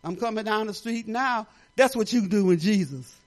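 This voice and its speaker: An older woman pastor from Detroit giving a folksy, animated sermon, talking straight to the congregation with laughing asides. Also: mid-range voice, moderate pace. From Detroit, Michigan.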